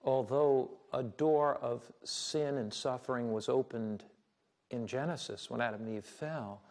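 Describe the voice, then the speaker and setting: A man's voice: medium pitch, a little slow, gravelly, a little mellow. A man hosting a religious program, preaching and telling a story in an earnest, sermon-like way. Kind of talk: televised sermon-style teaching.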